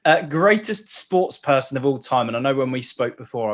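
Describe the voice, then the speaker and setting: A man's voice: mid-range voice, animated, normal speed. A man hosting an interview show, playful and teasing, laughing often. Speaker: podcast host.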